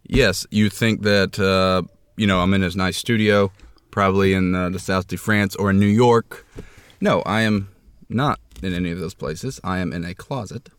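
A man's voice: deep voice, moderate pace, clear, resonant tone, dry recording. A young man hosting a homemade comedy podcast from a closet, rambling in a mock-grandiose way with lots of fillers. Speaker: podcast host.

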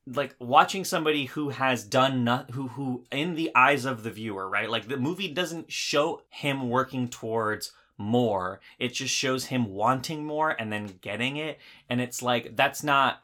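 A man's voice: mid-range voice, measured pace, few pauses, pushed and bright. A man in a casual film discussion, picking a movie apart with sarcasm and plenty of fillers. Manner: critical, sarcastic, many fillers and restarts. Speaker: podcast co-host.

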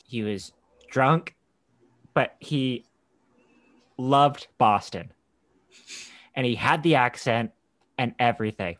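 A young man from Canada chatting casually as a podcast co-host, easygoing and prone to rambling off track. His voice sits at a middling pitch and sounds close and dry, with no room behind it. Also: slow pace, long pauses, fairly bright tone, no echo. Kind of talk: casual chat.

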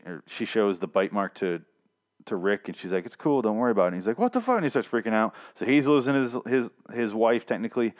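A man giving a casual, rambling recap of a comic, sarcastic and foul-mouthed, often restarting his sentences. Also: fairly low pitch. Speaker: comic book recap vlogger.

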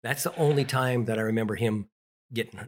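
A man's voice: mid-range voice, fairly quick, a little hiss or hum. A middle-aged man telling childhood stories in an interview, rambling with restarts and fillers. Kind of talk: casual storytelling.

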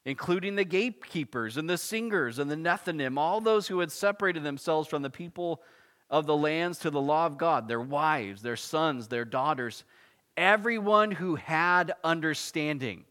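A man preaching an expository sermon, reading scripture and explaining it in a casual, animated way with asides. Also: fairly high pitch, moderate pace. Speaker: pastor.

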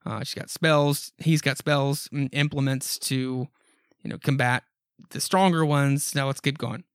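A man's voice: medium pitch, steady tone, unhurried, smooth, dry recording, clean studio sound. A man hosting a podcast, casually retelling a horror comic with lots of ums and offhand asides. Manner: rambling, frequent ums and asides. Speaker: podcast host. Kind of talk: casual comic book recap.

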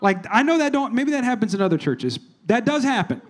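A male pastor giving a casual, conversational sermon in a church, moving between hushed prayer and animated storytelling. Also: very high-pitched, a little fast.

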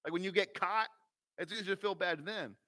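A man in his thirties, a pastor, preaching a sermon in a folksy, animated way. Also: sits high, brisk. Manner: animated, folksy, acts out voices.

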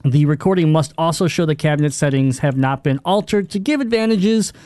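A man's voice: on the high side, dark tone, clear, resonant tone, no echo. Joking male gaming podcast host. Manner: reads news with fillers and restarts, joking. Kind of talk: casual gaming news chat.

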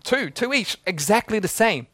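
A man's voice: high voice, big pitch swings, normal speed, a bit bright, no echo, studio quality. A man, preaching a sermon in a casual, joking way and laughing often. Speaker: pastor.

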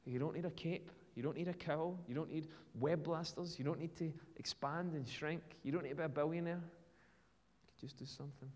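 A British pastor preaches in a relaxed, conversational manner, telling stories and slipping in casual fillers. His voice sits a little high for a man, and the long reverb of a large church hall trails after each phrase. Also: fairly quick, few pauses. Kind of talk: sermon.

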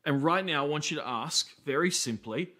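An Australian man in his thirties preaching a sermon as a pastor, telling stories in a conversational way with quick asides. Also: on the high side, lively intonation, bright, forceful tone.

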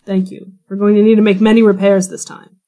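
A woman's voice: mid-range voice, little pitch movement, fairly quick, warm tone, voice pushed down, close to an everyday voice. A woman voicing a weary middle-aged male ship captain who complains in a tired, exasperated way.

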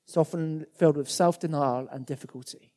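A man's voice: a little high, fairly even intonation, a little fast, mellow. A man preaching a sermon in a conversational way, often repeating words as he goes. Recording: long hall reverb.

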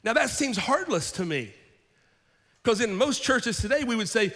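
A man preaching a sermon with a fairly high voice. He tells the story vividly, acting out the people in it. His voice rings with the long reverb of a large hall. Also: expressive, normal speed, fairly bright tone. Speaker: pastor.

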